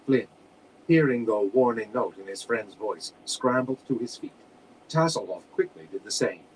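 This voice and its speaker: A man reads a fantasy novel aloud in a steady, plain manner at a middling pitch. A faint air-conditioner hum sits under the voice. The reading sounds like a home room. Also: rough recording. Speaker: audiobook reader.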